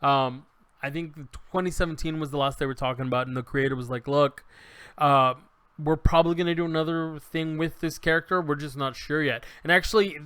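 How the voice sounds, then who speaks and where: A man's voice: fairly high pitch, clean tone, no room sound. A man co-hosting a podcast, casually retelling a comedy show with many restarts and acted-out quotes. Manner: animated storyteller, acts out quotes, many restarts. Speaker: podcast co-host reviewing a show. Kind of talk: casual chat.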